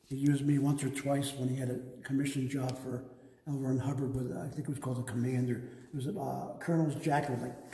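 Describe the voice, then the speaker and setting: A man guiding a live museum tour, telling lively stories about his father's art. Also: mid-range voice, roomy sound, big-room sound, a little hiss or hum, low-quality recording. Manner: animated anecdotes, acts out his father's lines. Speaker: museum guide, artist's son. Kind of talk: casual storytelling on a live tour. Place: art museum gallery, indoors.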